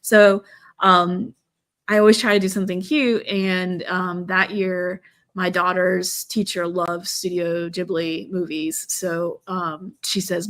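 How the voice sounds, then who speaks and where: A woman's voice: lowish voice, level tone, unhurried. A middle-aged woman from the US, a guest in a casual chat, talking in a rambling, hesitant way with many fillers.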